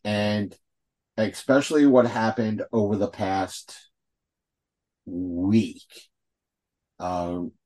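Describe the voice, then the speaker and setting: Slow, rambling man on a podcast. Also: lowish voice, fairly even intonation, a little mellow. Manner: rambling, heavy with fillers and restarts; blunt, swears freely. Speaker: podcast co-host. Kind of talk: casual chat.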